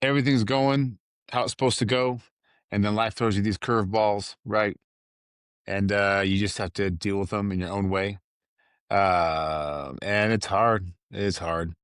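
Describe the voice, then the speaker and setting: A man hosts a solo podcast in a casual, rambling chat. His voice sits somewhat low and sounds dry and close to the mic. He drifts between asides in an easy, unhurried way. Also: steady tone, clear, resonant tone, no echo. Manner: rambling, loose and conversational with fillers and asides. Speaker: podcast host.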